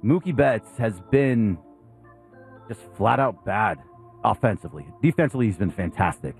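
A man co-hosting a casual sports talk show, blunt and animated in his opinions. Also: on the low side, moderate pace, vocal fry, soft background music. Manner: blunt, animated, mocks players with put-on whiny voices. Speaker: sports radio co-host.

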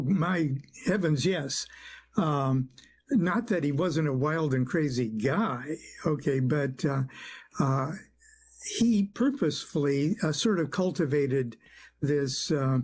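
A man being interviewed on late-night radio, answering thoughtfully with many pauses and fillers. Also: fairly high pitch, a little mellow, husky. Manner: hesitant, many uhs, thoughtful, chuckles. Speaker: guest, author and singer-songwriter.

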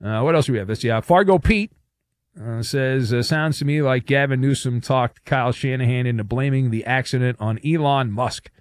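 A man's voice: mid-range voice, moderate pace, dry recording, clean studio sound. A middle-aged man hosting a call-in radio show, reading listener messages and teasing callers in a sarcastic way. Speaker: radio talk show host.

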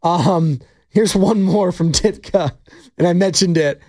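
A man's voice: high voice, measured pace, mellow, no room sound. A man hosting a sports radio show, talking casually with lots of fillers. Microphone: studio mic.

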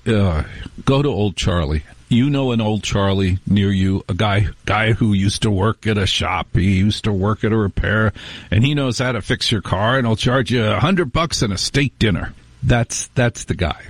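A man's voice: fairly low pitch, moderate pace, no echo. A middle-aged man hosting a talk radio show, telling rambling, wry stories with restarts in a casual monologue.

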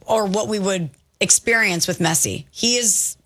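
A woman co-hosting a sports talk show, enthusiastic and quick to agree and riff on the conversation. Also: medium pitch, fairly bright tone.

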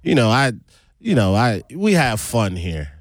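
A man hosting a talk show, chatting casually with a laid-back, drawn-out way of stressing words. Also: medium pitch, very animated, no room sound, clean studio sound. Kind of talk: casual chat.

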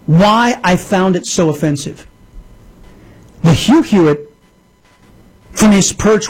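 A man's voice: sits high, husky, poor audio. A man hosting a political talk radio show, ranting angrily with frequent restarts. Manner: angry, ranting, with many restarts. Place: radio studio.

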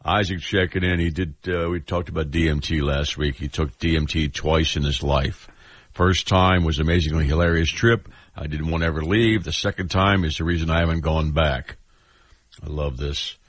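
A man's voice: rumbling low, steady tone, moderate pace, no echo. A man hosting a radio talk show, reading a listener's message aloud in a laid-back way, chuckling often.

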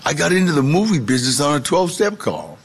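A man telling his life story to an audience, lively and acting out the voices of the people in it. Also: on the high side, fast. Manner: animated, gravelly storyteller who acts out quoted voices. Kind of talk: storytelling talk.

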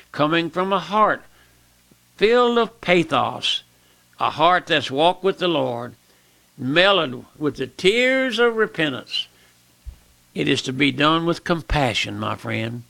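A man's voice: mid-range voice, vocal fry, fairly bright tone, no echo. An older man, preaching an emphatic old-time sermon that repeats phrases and rises to cries.

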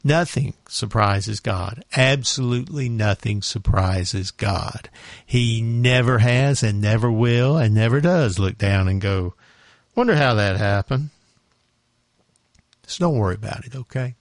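A man hosting a morning radio show, chatting in a relaxed, folksy, easygoing way between records. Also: on the low side, unhurried, no echo, studio quality. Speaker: radio host. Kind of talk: casual radio chat. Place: radio studio.

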